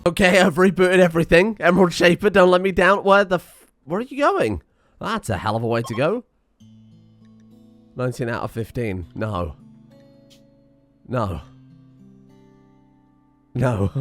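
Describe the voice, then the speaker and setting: A man giving excitable, self-mocking commentary while playing a game, thinking aloud and swearing. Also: a little high, moderate pace, long pauses, soft background music. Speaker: gaming streamer. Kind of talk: casual gameplay commentary.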